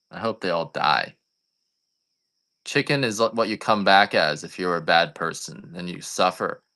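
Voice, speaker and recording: A deep-voiced man selling coffee on a live stream, talking in a loose, casual way. His tone is bright and forceful, and he keeps sliding into rambling, joking rants. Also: vocal fry.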